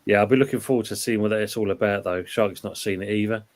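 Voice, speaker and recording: A man's voice: lowish voice, fairly even intonation, fast talker. A man hosting a casual live-stream football chat, rambling along and reading out viewer comments. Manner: chatty, reads out viewer comments. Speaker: host.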